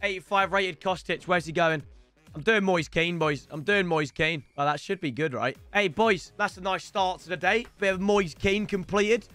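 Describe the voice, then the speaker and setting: Young man, gaming stream commentary, playful, bright high voice, dry sound. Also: moderate pace, no room sound, faint music behind. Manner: chatty and playful, keeps addressing viewers as lads and boys.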